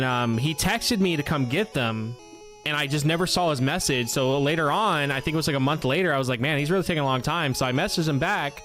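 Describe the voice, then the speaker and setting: A young man chats casually while streaming a game, rambling through a profane story at an ordinary pitch. Soft game music plays faintly behind him. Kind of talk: casual live-stream chat over gameplay.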